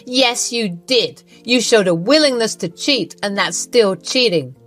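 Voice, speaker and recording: A woman voicing a grown man, a wronged husband who speaks flatly and sternly. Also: on the high side, unhurried, faint music behind, pitched above the performer's own voice. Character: wronged husband, adult man, cold and firm.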